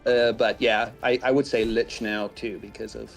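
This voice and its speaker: A man's voice: fairly low pitch, normal speed, gravelly. Easygoing man guesting, music behind. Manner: relaxed, agreeable, thinks aloud. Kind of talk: casual chat.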